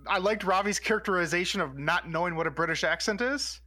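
A man's voice: high voice, fast talker, bright, forceful tone, dry recording. A man in a casual podcast chat, talking in a playful, mock-indignant way.

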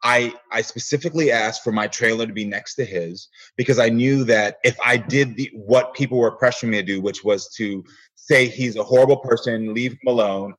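Earnest male guest, husky, relives conversations as he tells them. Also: mid-range voice, fairly quick, fairly bright tone. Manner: earnest storyteller, acts out quoted exchanges. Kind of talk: casual interview conversation.

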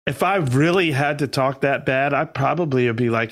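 A man co-hosting a podcast, chatting in a relaxed, reflective way with loose phrasing. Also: mid-range voice, normal speed. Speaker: podcast co-host. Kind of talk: casual podcast chat.

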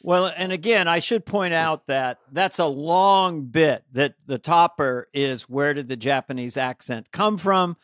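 A man's voice: a little high, a little slow, few pauses, a bit bright, no room sound, clean studio sound. A man co-hosting a podcast in casual comedic chat, riffing and doing silly voices over a video call. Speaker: podcast co-host.

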